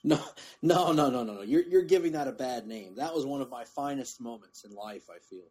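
Husky-voiced man hosting a podcast. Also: medium pitch, expressive, fairly quick, darkish tone. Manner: chatty, restarts sentences, laughs easily. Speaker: podcast host. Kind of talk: casual chat.

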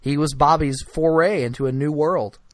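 Teasing mock-formal man, fairly high voice. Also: steady tone, normal speed, no room sound, clean studio sound. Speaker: podcast co-host. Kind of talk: casual TV recap chat.

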